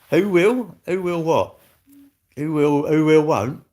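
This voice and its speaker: A man's voice: on the high side, slow, darkish tone. A middle-aged man, chatting bluntly and ramblingly on a livestream as he answers viewers' comments. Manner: blunt, rambling, chatty with frequent restarts and laughs. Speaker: livestream host.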